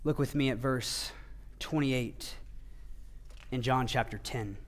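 A male pastor preaching a sermon, earnest, rising to emphatic passages and dropping to hushed low ones. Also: takes it slowly.

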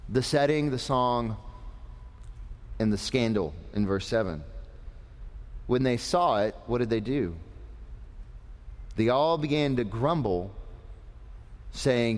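Slow, lively preacher in a reverberant hall. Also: male voice, medium pitch. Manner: animated, asks the audience questions. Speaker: preacher teaching young people. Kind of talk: lively sermon.

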